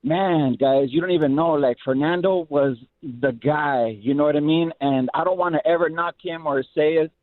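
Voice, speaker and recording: A man's voice: a little high, normal speed, few pauses, no room sound. A middle-aged man from Los Angeles calling a radio show, speaking in a heartfelt, rambling way and repeating himself. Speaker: caller. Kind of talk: emotional phone call to radio show. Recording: phone line.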